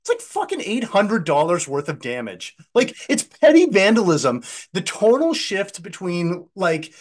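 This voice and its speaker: A man co-hosting a podcast, casually reviewing a movie with loud, profane, laughing enthusiasm. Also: high-pitched, unhurried. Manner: profane, animated, laughing at the film. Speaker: podcast co-host.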